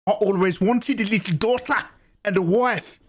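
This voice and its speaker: A man's voice: high-pitched, normal speed, pitched above the performer's own voice. A man putting on a creepy South African psychopath. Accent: South African, put on. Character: creepy soft-spoken male psychopath agent.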